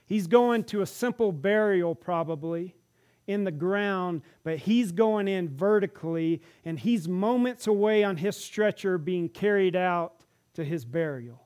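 A man preaching a sermon in a church, retelling stories and acting out the characters' lines with animated delivery. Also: sits high. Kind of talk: sermon storytelling.

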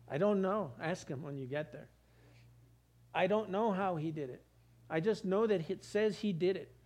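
A pastor preaches a sermon, hammering points home through repeated phrases and rising emphasis. His voice is a little high and slightly mellow.

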